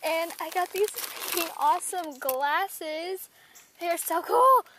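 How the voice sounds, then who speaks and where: A woman's voice: extremely high pitch, expressive, slow, bright, forceful tone, slight background noise. A teenage girl vlogging as she opens a package from a friend, gushing and giggling, exclaiming over each item. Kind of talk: excited package-opening vlog.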